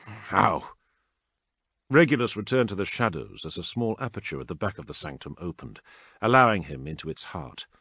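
Low-voiced male storyteller. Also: sing-song, brisk, creaky, fairly bright tone, husky, dry recording, studio quality. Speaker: audiobook narrator. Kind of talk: scripted narration.

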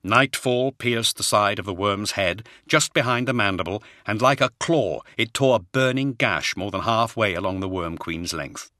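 Man narrating a battle audiobook, bright. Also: fairly low pitch, moderate pace, hardly any pauses, no room sound, studio quality. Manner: dramatic, raises voice for shouted lines. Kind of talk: scripted dramatic narration.

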